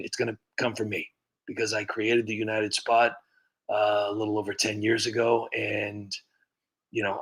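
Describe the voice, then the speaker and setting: A man's voice: medium pitch, creaky, fairly bright tone, slightly rough. A man hosting a casual livestream, rambling and chuckling often while thanking viewers, talking close to a computer mic. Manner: rambling, chuckling, self-mocking. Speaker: livestream host and impressionist.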